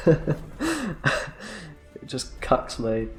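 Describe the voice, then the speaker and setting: A man's voice: medium pitch, extremely slow, a little mellow, faint music behind. A man giving casual, jokey commentary while playing a card game, laid-back and slangy, laughing often.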